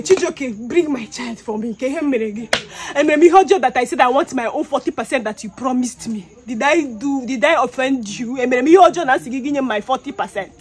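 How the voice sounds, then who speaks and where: A woman's voice: high-pitched, fast, hardly any pauses, background noise. A woman with a Nigerian accent, crying as she desperately begs and repeats herself in a public appeal. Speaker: mother pleading publicly.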